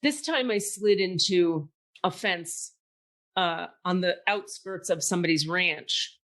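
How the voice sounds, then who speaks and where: A woman podcast host telling a long story in casual chat, animated and profane, acting out the people she quotes. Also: lowish voice, slow pace.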